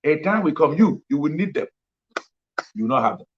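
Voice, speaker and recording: A man's voice: on the high side, lively intonation, fairly quick, highs cut off, a little hiss or hum. A man preaching at a parenting conference, emphatic and repeating his key lines for effect. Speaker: pastor. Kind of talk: sermon.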